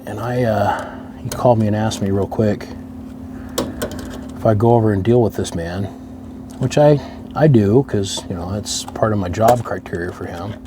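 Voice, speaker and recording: A low-voiced man grumbles through an amplifier repair, talking to himself as a radio hobbyist at normal speed with long pauses. The recording has background noise, and his rambling is wry about the stubborn task.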